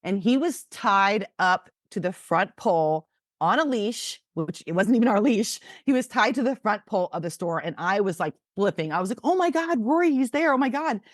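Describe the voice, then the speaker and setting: A woman in her forties co-hosting a podcast, chatting casually and acting out the quotes in her stories with animated energy. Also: mid-range voice, normal speed, no room sound, clean studio sound. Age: 40s. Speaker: podcast co-host. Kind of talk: casual storytelling chat.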